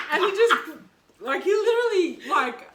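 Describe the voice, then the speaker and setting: A Fijian woman telling a story in casual chat over a meal, animated and laughing, with lots of fillers. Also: very high voice. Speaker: co-host. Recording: echoey room with background noise. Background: clinking cutlery and dishes.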